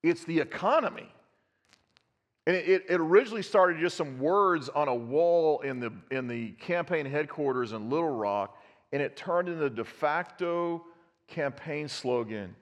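A man's voice: a little high, normal speed. A man, preaching a conversational sermon and putting questions to his congregation. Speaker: pastor. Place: church sanctuary. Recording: long reverb of a church hall.

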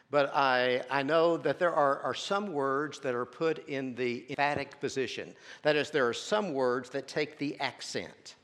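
A man preaching a sermon in a large sanctuary, his voice carrying a long reverb. He swings between soft, hushed lines and loud, stretched-out emphasis, often repeating words as he builds. His pitch sits in the middle range for a man.

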